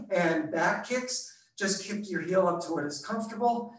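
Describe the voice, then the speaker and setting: A man coaching a live running workout over a video call, counting reps aloud and a bit out of breath, clearing his throat now and then. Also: high voice, normal speed, hardly any pauses, fairly bright tone, reverberant, slight background noise. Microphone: computer mic on a video call.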